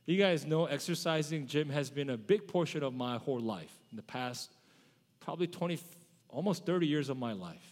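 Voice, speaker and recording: A male pastor with a high voice preaches a sermon in a church sanctuary, keeping it conversational and asking the congregation questions. The recording has the long reverb of a church hall.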